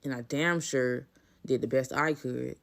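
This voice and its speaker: A woman's voice: rumbling low, steady tone, unhurried, vocal fry. A young woman telling a storytime rant about her past, blunt and heavily profane.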